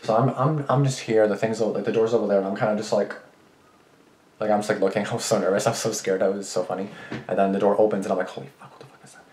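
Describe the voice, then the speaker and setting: A young man with a very low voice rattles off rambling, sweary home-alone anecdotes at a quick clip. He keeps restarting his sentences. The room around him rings with echo. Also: fairly even intonation, a little mellow, a little hiss or hum. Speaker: vlogger. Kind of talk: casual rambling storytelling. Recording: roomy echo.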